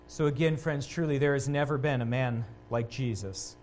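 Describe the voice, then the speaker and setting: A man's voice: normal speed, slight background noise. Earnest male preacher. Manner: earnest preaching, swells louder on quoted words, drops low and soft at key points. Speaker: pastor. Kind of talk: sermon.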